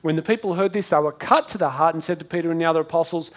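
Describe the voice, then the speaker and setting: A man with a high voice preaches a sermon. He talks dramatically and acts out the voices in the stories he tells, going from loud cries to hushed, drawn-out lines. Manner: dramatic, acts out quoted voices with swings in pitch and loudness. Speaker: pastor.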